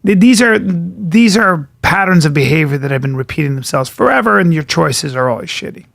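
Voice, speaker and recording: A man's voice: fairly high pitch, lively intonation, a little fast, gravelly, fairly bright tone, dry recording. A middle-aged man co-hosting a podcast in casual chat, emphatic and opinionated, stumbling on words as he rants. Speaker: podcast co-host.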